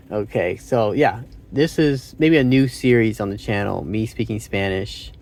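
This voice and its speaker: Male vlogger, low gravelly voice, hesitant and self-correcting as he thinks aloud. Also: measured pace, darkish tone. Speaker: channel host. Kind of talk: casual language-practice vlog.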